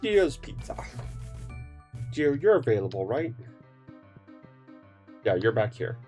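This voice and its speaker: A streamer chatting casually through a game, humming little tunes to herself and filling pauses with ums. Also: female voice, a bass voice, animated, a little mellow, faint music behind. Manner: rambling, hums to self, many fillers. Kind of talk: casual gameplay commentary.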